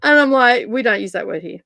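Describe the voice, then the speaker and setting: A woman's voice: a little high, lively intonation, moderate pace, vocal fry, a bit bright, dry recording. A woman hosting a casual reading stream, chatting in a rambling, sarcastic way and laughing often. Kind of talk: casual chat.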